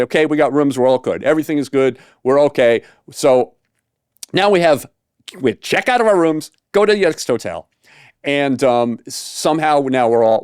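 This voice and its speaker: A man, a saxophone tutor, casually telling a story in an animated way with many fillers, acting out the quotes. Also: on the high side, smooth, no echo, clean studio sound.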